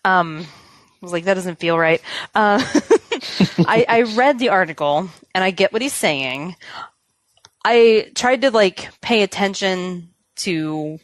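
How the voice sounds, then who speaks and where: A woman's voice: mid-range voice, expressive, takes it slowly, no room sound. A woman co-hosting a gaming podcast, chatty and self-deprecating, often laughing. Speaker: podcast co-host. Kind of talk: casual chat.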